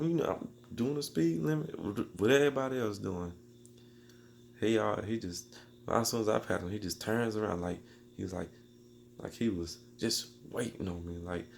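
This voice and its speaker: A man tells a story in a loose, rambling way, piling up slang and restarting his sentences. His voice sits low and has a gravelly, creaky edge. A faint hiss runs under it. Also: a little fast. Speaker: beatmaker telling a personal story. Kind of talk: casual storytelling.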